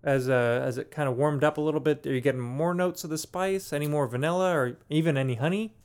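Male podcast host, slightly high voice, casual joker, rambles through tastings. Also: quick pace, smooth. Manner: jokey, relaxed, rambling with fillers. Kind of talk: casual chat, beer tasting.

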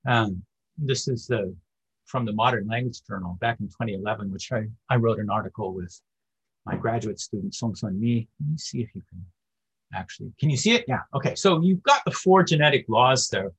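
A man's voice: fairly low pitch, brisk, a bit bright, breathy edge, low-quality recording. A man giving an academic lecture in a discursive way, with frequent fillers.

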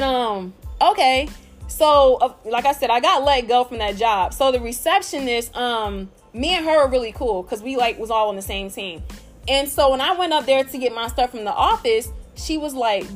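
A woman's voice: sits high, normal speed, faint music behind. A woman telling a workplace story in a casual, blunt and profane vlog style.

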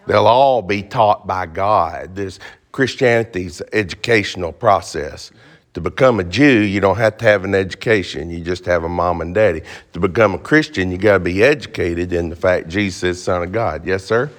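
A man's voice: low voice, normal speed. Joking man teaching a Bible class.

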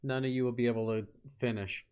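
A man's voice: mid-range voice, steady tone, fast, darkish tone. A man hosting a casual chat, asking the guest questions and making jokes. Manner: joking, asks the questions. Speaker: podcast host.

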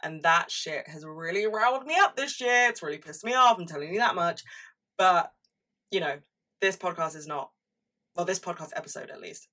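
A woman's voice: sits low, pushed and bright, far from the mic. A woman in her twenties hosting a solo podcast, chatty and casual, swearing freely and laughing often. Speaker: podcast host.

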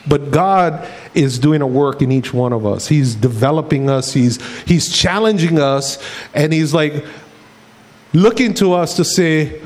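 A man's voice: on the high side, measured pace. A man preaching a sermon as pastor, telling stories and laughing at his own jokes.

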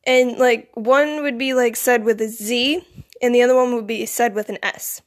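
A woman's voice: fairly high pitch, steady tone, normal speed. A teenage girl rambling casually to camera, with plenty of "like" and "you know". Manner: filler-heavy, rambling, lots of "like". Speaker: vlogger.

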